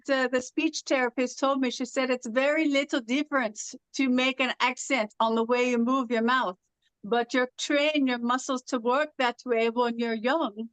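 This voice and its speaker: A woman's voice: sits high, fairly bright tone, smooth, dry recording, poor audio. A woman from Southern California who speaks with a foreign-sounding accent, giving Irish-like R's in some words, with a sing-song lilt, chatting as a guest and telling stories with plenty of fillers. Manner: chatty storyteller, with frequent fillers. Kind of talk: casual conversation.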